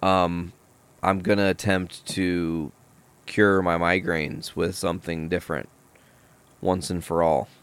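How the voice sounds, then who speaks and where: A young adult man hosting a podcast, telling stories in a casual, profane, animated way. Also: low-pitched, slow, clear, resonant tone. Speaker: podcast host. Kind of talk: casual podcast chat, storytelling.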